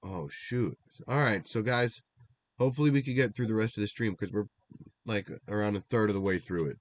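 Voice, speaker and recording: A young man co-hosting a casual stream recap, rambling and animated, laughing at himself as he goes. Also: on the low side, fairly quick. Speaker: draft league recap co-host.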